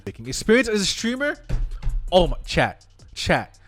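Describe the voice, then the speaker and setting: A young man, a web developer streaming live, reacting excitedly to salary figures and talking to his chat. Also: fairly high pitch, normal speed, soft background music.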